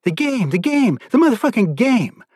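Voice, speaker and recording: A man voicing a sadistic male captor, with a coaxing, taunting, pitched-up delivery. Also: expressive, fairly quick, darkish tone, slightly rough, no room sound, clean studio sound. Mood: frenzied. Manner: taunting, coaxing, rising and shrill.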